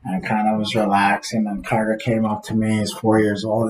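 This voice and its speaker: A man speaking earnestly from his office, telling a reflective personal story as a father in recovery, with pauses along the way. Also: lowish voice, fairly even intonation, poor audio.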